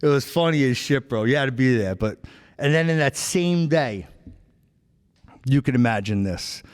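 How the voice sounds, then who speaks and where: A man's voice: medium pitch, lively intonation, moderate pace, clean tone. A man with a New York accent telling rambling, profane stories as a podcast host, tossing in "right?" and "bro" constantly. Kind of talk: casual chat. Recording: long hall reverb.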